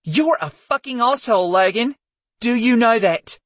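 A man's voice: very high-pitched, very animated, normal speed, dry recording, voice pushed up, heavily acted. Man voicing a fierce, furious young woman. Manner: sharp, venomous, voice cracking. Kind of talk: audiobook character voice.

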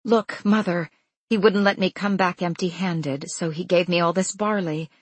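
A woman voicing a young widow who speaks in careful, calm, soft words. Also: on the low side, normal speed, slightly rough, no room sound. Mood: warm.

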